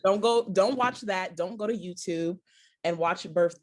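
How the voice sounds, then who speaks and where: A woman with a somewhat low voice chatting casually on a panel podcast. She tells her stories with energy, acting out what people said and leaning heavily on "like." She laughs easily as she goes. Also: measured pace, a crowd in the background. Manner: lively storyteller who acts out quotes, heavy "like"; laughs often while talking. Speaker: podcast co-host.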